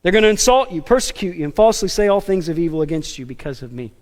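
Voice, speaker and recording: A man preaching a sermon as pastor, animated and emphatic, with casual asides and self-deprecating jokes. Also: high-pitched, fast talker, long reverb tail. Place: church sanctuary.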